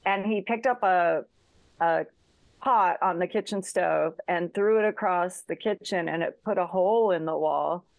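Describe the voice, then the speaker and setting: A woman's voice: on the low side, unhurried, gravelly, dry recording. A middle-aged woman, an interview guest, telling a story in casual chat with plenty of "like" and "you know" and acting out the lines she quotes. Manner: chatty, lots of fillers like "like" and "you know".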